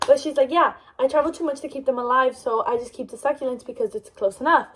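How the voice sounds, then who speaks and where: A woman's voice: high-pitched, fast talker, fairly bright tone, slight background noise, poor audio. A young woman vlogger chatting about a book she loves, gushing and rambling with lots of fillers and restarts. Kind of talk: casual book review chat.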